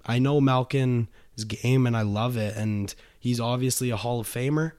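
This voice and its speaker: A young man with a medium-pitched voice co-hosting a casual sports podcast. He talks in a laid-back way and gets loud when he introduces a guest. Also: moderate pace. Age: young adult. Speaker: podcast co-host. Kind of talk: casual hockey chat.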